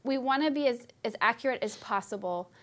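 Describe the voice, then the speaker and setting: Piano teacher lady explaining stuff, chatty, a bit high pitched. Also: a little fast, a bit bright. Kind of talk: live piano lesson. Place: studio with piano.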